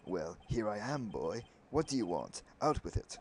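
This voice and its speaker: A man voicing a pompous older male lawyer who keeps clearing his throat theatrically. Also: on the low side, sing-song, normal speed, slight background noise.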